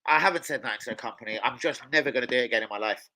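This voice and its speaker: A man's voice: mid-range voice, rapid-fire, a little hiss or hum, rough recording. A man hosting a football watch-along, rambling and swearing freely in casual chat. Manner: rambling, excitable, swears a lot. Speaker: chef.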